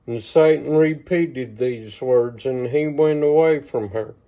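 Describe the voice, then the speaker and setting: Slow-reading man on a tinny phone stream. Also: medium pitch. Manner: slow, measured reading with small asides. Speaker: reader. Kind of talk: reading scripture aloud on a livestream. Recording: tinny phone-line sound.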